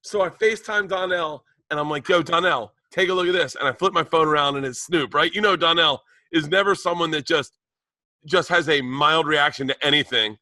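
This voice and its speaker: A man in his forties, a podcast co-host excitedly rambling through a story in casual chat. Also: fairly high pitch, a little fast, no room sound. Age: 40s.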